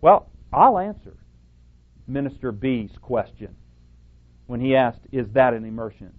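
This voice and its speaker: A man's voice: mid-range voice, expressive, unhurried, pauses often. Male preacher, emphatic, a bit sarcastic; narrow phone-like sound. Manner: emphatic, sarcastic, quotes and rebuts opponents. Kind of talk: radio Bible teaching. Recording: tinny phone-like audio.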